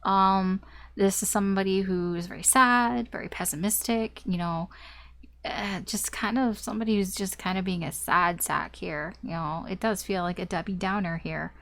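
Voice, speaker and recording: A woman's voice: medium pitch, normal speed, creaky, a bit bright. Chatty woman giving a casual tarot reading. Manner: chatty, rambling, with fillers and mild swearing. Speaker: tarot reader.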